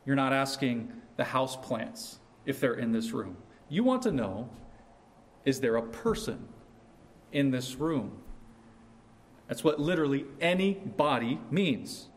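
A man preaching a sermon in a slow, earnest way, rising sharply on his questions. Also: medium pitch, sing-song.

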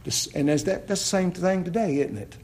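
A man preaching a sermon, building to near-shouts and then dropping low and quiet. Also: a little fast. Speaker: pastor.

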